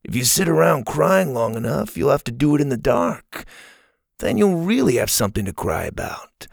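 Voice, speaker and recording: A man's voice: mid-range voice, big pitch swings, moderate pace, creaky, no echo, clean studio sound, voice pushed up, full character voice. A man voicing a cruel, taunting bully boy at camp. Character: sneering bully boy camper.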